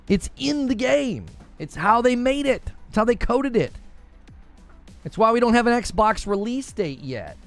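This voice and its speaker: A man co-hosting a gaming news show, ranting in an exasperated, sarcastic way. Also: high voice. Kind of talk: heated gaming podcast rant.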